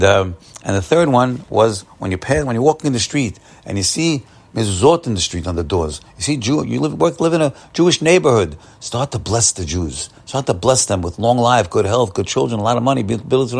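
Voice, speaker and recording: A man's voice: mid-range voice, creaky, darkish tone, breathy edge. A man giving an upbeat, encouraging morning Torah talk, often repeating and restarting his phrases. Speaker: Torah teacher.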